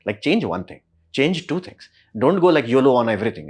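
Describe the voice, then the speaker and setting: A man giving a casual, slangy spoken explanation as a video host, animated and quick to act out reactions. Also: medium pitch, husky. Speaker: YouTube tech explainer.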